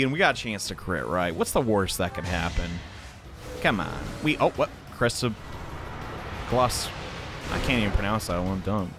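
A young man from the American South giving rambling, self-deprecating, excitable commentary while playing a video game. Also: medium pitch. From Southern United States. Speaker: let's play commentator. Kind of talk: casual gameplay commentary. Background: faint game music.

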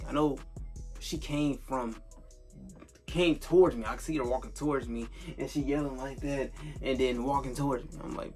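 A man's voice: mid-range voice, steady tone, normal speed, a little mellow, soft background music. A young man telling a casual storytime vlog, rambling and swearing, with lots of filler tags. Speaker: storyteller vlogger.

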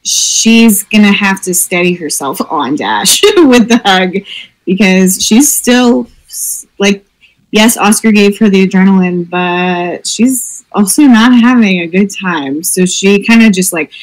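A woman's voice: medium pitch, takes it slowly, low-quality recording. A woman playing a tabletop role-playing game, describing her character in a hesitant way with many fillers. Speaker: player.

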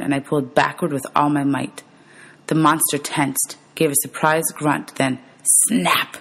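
A woman teacher reads a novel aloud to her students in steady storytelling and calls out the page numbers as she goes. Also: low voice, poor audio.

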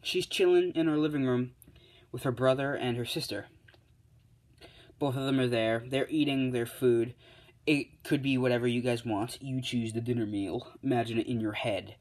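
Late at night at home, a young man casually tells his own fan story into a tablet or other handheld device, rambling with lots of fillers and humming placeholder sounds. His voice is medium in pitch and a little mellow, with fairly even intonation and a moderate pace.

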